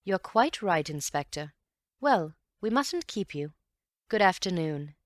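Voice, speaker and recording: A woman voicing a calm, thoughtful gentleman detective who speaks in a grave, measured, earnest way. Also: lowish voice, no room sound, studio quality, voice pushed up.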